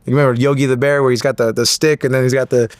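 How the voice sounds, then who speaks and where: Animated storytelling man, dry close sound. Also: racing, no echo. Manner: acts out quoted voices with rising pitch. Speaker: interview guest.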